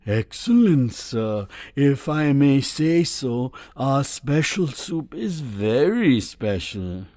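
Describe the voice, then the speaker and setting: A man's voice: medium pitch, sing-song, takes it slowly, a little mellow, no room sound, clean studio sound, pitched above the performer's own voice. A man voicing a fawning, nervous male possum waiter in a storybook, who stammers as he hurries to please his customer. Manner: stammering, eager, bowing and scraping.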